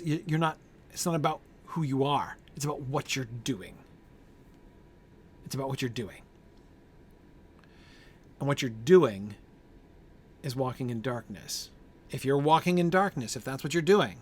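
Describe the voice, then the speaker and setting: A man's voice: medium pitch, a little slow, long pauses. Man leading a Bible study, thinking aloud. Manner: thinking aloud with many fillers and "right?" checks; answers group members by name. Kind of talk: informal Bible study discussion.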